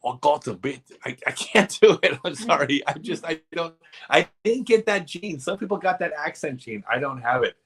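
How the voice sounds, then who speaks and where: A man hosting a casual live stream, telling rambling, animated stories full of asides. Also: on the high side, moderate pace, husky.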